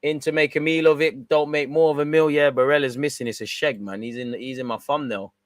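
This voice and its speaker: A young man hosting a live football watch-along, slangy banter between bursts of excited play-by-play. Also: on the high side, a little fast, no echo.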